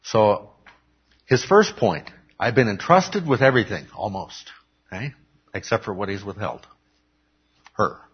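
A man's voice: fairly low pitch, expressive, a little slow, long pauses, husky. A man preaching a conversational sermon, often checking in with "okay?" and acting out quoted lines. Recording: dull lo-fi recording.

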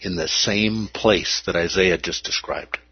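A man's voice: low voice, a little slow, breathy edge, no echo, highs cut off. A man preaching a sermon, emphatic and repeating key words for weight.

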